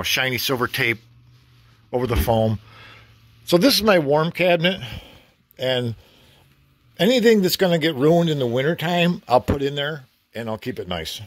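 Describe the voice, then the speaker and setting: A man's voice: medium pitch, expressive, normal speed, long pauses, a bit bright, dry recording. A man casually vlogging a home-improvement project in his garage, rambling and chatty with mild cursing. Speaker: DIY vlogger.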